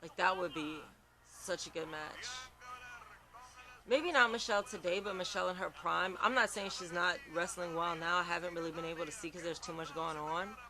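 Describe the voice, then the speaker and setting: A man's voice: high-pitched, fairly even intonation, moderate pace, pushed and bright. A man hosting a wrestling reaction video. He talks in casual, outspoken commentary, exclaims and swears often, and sounds sleepy and yawning late at night. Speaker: wrestling reaction channel host.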